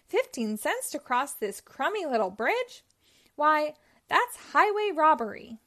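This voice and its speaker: A woman voicing a big, mean-tempered male billy goat who talks gruffly and scornfully. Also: a little high, expressive, unhurried.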